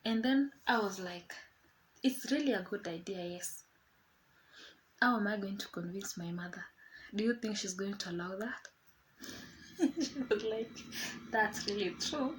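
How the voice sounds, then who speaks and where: A young woman vlogger casually telling a personal story, chatty and animated, acting out quoted dialogue. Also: mid-range voice, a little slow, noisy background.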